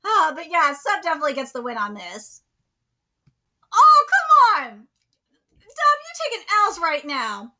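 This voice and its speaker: A woman streaming a casual live reaction, frank and swearing, laughing often, swinging from muttered asides to loud exclaiming. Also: high-pitched, very animated, moderate pace.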